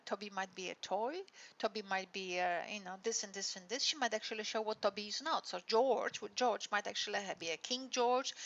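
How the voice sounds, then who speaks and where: Bright-voiced woman lecturer, dull recording. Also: on the high side. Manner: explanatory, frequent tag questions. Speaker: university lecturer.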